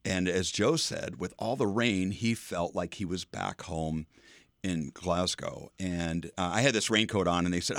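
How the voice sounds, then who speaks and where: A man's voice: deep voice, unhurried, fairly bright tone, no room sound, clean studio sound. An older man hosting a radio segment, telling a casual, chatty story with curious asides and frequent laughs. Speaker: radio feature host.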